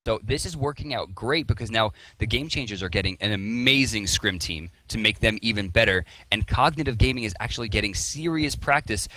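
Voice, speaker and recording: A lower-pitched male esports caster with a bright, forceful tone, breaking down strategy with confident, playfully exaggerated lines. Dry and close to the mic. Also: brisk, few pauses, no room sound. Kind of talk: analytical commentary.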